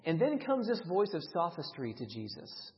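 Male preacher, high and very lively voice, dramatic sermon delivery, muffled long-reverb hall. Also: normal speed. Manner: dramatic, swings between loud emphasis and hushed delivery. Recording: dull, reverberant hall sound.

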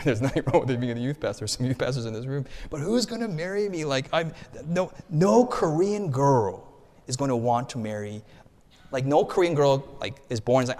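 A male pastor preaching a storytelling sermon, animated and conversational, with frequent restarts and asides. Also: mid-range voice, moderate pace. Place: church hall. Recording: long hall reverb.

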